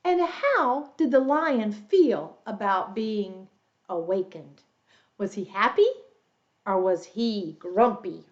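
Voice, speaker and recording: A woman's voice: takes it slowly, muffled recording. A woman English teacher reading a children's story aloud, explaining words and quizzing her young listeners. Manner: animated, adds roars and squeaks for the animals.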